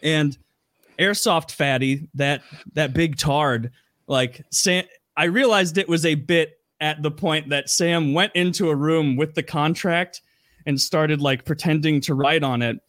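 A man's voice: a little high, a little slow, fairly bright tone, no echo, studio quality. A man retelling a story in casual chat, rambling, with many "like" fillers and frequent swearing.

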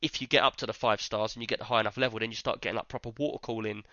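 A man's voice: lowish voice, steady tone, rapid-fire, sharp tone, no room sound, highs cut off. A man hosting a casual tech podcast, chatty and rambling with lots of fillers. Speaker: podcast host.

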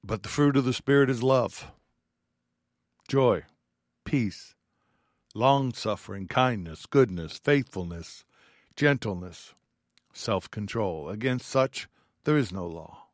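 A man's voice: fairly low pitch, lively intonation, slow pace, long pauses, no echo, clean studio sound. A man giving a heartfelt radio Bible teaching, reading scripture aloud and speaking earnestly.

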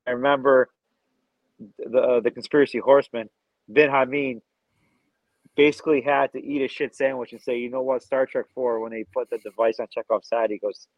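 Excitable man on a dull, dry mic. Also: mid-range voice, brisk, long pauses, no echo. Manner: enthusiastic, crude, repeats words. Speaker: podcast co-host. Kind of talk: casual film review chat.

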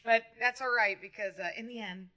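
A woman co-hosting a casual movie podcast, talking in an animated way and laughing easily. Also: on the high side, fairly quick, dull audio. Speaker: podcast co-host.

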